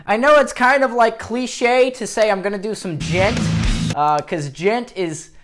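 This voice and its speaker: A man's voice: high-pitched, unhurried. A young man hosting a casual guitar vlog, joking and rambling with playful asides. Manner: goofy, rambling, self-deprecating jokes. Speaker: guitar YouTuber.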